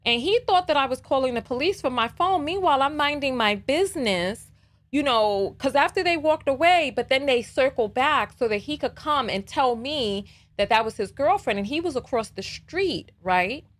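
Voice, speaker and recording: Woman, call-in show host, casual chat, animated storyteller, fairly high voice. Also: normal speed. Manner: chatty, leans on "you know" and "right?". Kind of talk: casual live call-in talk.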